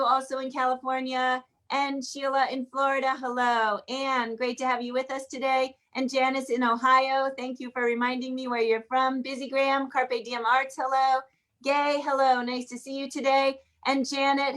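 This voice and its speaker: A woman with a high, flat-toned voice hosts a live online song gathering. She runs through a long list of attendees by name in a chatty way. She is heard through a video call microphone. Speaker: online song circle host. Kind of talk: live online welcome and announcements.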